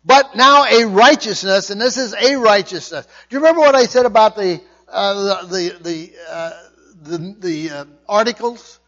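A man's voice: high voice, normal speed, bright, forceful tone, muffled recording. A man preaching a conversational sermon, repeating his points with emphasis. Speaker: pastor.

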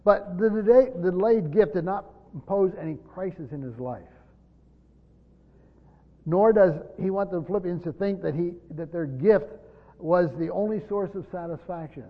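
A man's voice: high voice, normal speed. A man preaching an expository sermon, explaining a text and often repeating words as he goes. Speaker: pastor. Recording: muffled recording with long hall reverb.

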